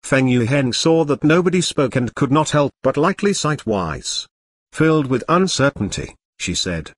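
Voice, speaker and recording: Male audiobook narrator, mid-pitched, steady and even; dry, close read. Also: normal speed, dry recording. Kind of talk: scripted narration.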